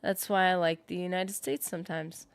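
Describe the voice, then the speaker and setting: A woman's voice: fairly low pitch, fairly even intonation, normal speed, clean tone, no room sound. A woman streaming a game, chatting casually with viewers in a rambling way, full of fillers, and reading out chat comments.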